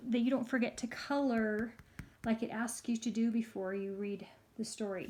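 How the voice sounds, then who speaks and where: Bright-voiced woman teaching little kids. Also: a little high, a little hiss or hum. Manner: upbeat, sing-song, coaxing. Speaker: preschool teacher. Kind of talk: lesson for young children.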